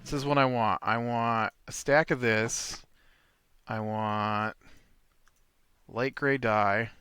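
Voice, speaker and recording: A man's voice: medium pitch, steady tone, slow, a bit bright, smooth. A man hosting a let's play, telling a rambling story in casual chat while he plays. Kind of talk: casual chat while playing a video game.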